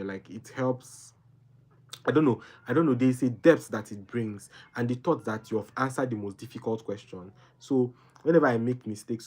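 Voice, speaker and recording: A young man talks through study advice in a casual, conversational way. His pitch sits in an ordinary middle range, and he often repeats a phrase for emphasis or tags on "right?". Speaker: medical doctor and video host.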